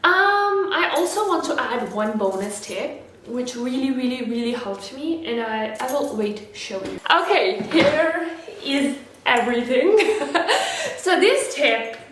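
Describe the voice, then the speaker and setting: A woman's voice: high voice, expressive, slow pace. Earnest young woman vlogging in an echoey room. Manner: chatty, restarts often, soft and earnest. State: a little out of breath. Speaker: lifestyle vlogger. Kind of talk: casual talk to camera. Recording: very echoey room, faint background noise.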